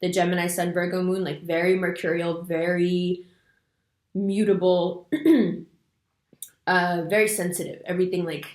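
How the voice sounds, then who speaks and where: A woman's voice: lowish voice, unhurried, long pauses, echoey room. A woman talking casually on video, telling stories with voiced quotes and lots of fillers, loose and fidgety. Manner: animated storytelling with voiced quotes. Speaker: astrology video host. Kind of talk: casual spoken monologue.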